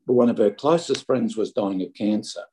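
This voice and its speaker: Creaky Australian male preacher. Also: on the low side, normal speed, dark tone, low-quality recording. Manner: conversational, anecdotal, stumbling restarts. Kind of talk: sermon.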